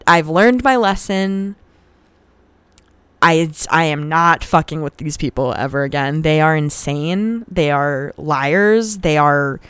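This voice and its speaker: A woman's voice: on the low side, expressive, slow, clear, resonant tone, dry recording. A young woman hosting a podcast, telling a personal story in a frank, profane, casual way and getting heated as she retells arguments. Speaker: podcast host.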